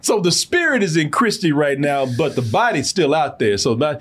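A man chatting casually as podcast host about a movie, joking crudely and laid-back. His voice sits a bit high and moves a lot. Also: big pitch swings, normal speed, fairly bright tone, breathy edge. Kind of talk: casual movie review chat.

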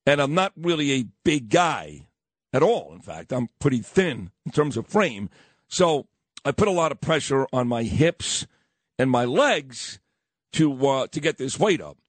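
A man, hosting morning talk radio and telling stories with lively voiced quotes. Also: mid-range voice, measured pace, no room sound. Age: 50s. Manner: animated storytelling with voiced quotes. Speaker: radio host.

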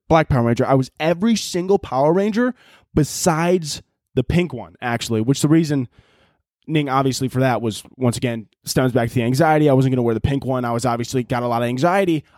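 A young man hosting a casual solo podcast, telling stories in a profane, laughing, animated way. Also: medium pitch, quick pace, dry recording, studio quality. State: out of breath. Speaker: podcast host.

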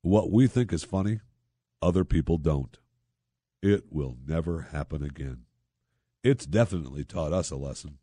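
A man's voice: rumbling low, expressive, moderate pace, long pauses, dark tone, breathy edge, dry recording, clean studio sound. A man hosting a talk radio show, reading news stories and mocking them with sarcastic asides. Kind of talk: opinion talk radio monologue.

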